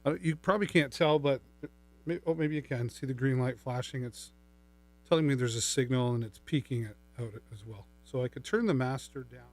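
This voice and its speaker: A man's voice: medium pitch, fairly quick, a little mellow. A middle-aged man hosting a live shopping stream, chatting upbeat and playful as he demos a microphone and mixer. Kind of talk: live-stream product demo. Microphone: studio microphone through a mixer.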